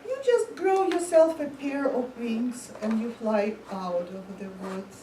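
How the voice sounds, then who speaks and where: A woman's voice: fairly high pitch, lively intonation, a little slow, dark tone, slight background noise. A woman voicing an aloof, all-wise old owl who talks in a lofty, dismissive way. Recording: echoey room from far off.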